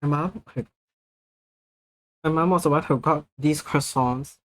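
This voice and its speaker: A man's voice: on the high side, measured pace. Playful, jokey male streamer. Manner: playful, jokey, laughs often; speaking between bites of food. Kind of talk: casual live-stream chat.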